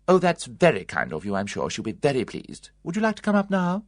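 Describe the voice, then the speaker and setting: A reader voicing a cheerful, competent matron of about fifty, chatty, brisk and comfortable. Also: mid-range voice, wildly swooping pitch, no echo, clean studio sound, pitched above the performer's own voice.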